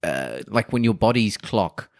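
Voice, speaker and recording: Low, animated male podcast co-host. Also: a little slow, gravelly, dry recording, clean studio sound. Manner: rambling, hesitant, lots of fillers. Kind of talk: casual podcast chat.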